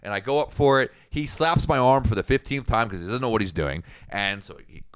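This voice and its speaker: A man's voice: on the low side, lively intonation, brisk, smooth, dry recording. A man in his thirties co-hosting a podcast, telling a casual story in a rambling way with frequent restarts. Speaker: podcast co-host.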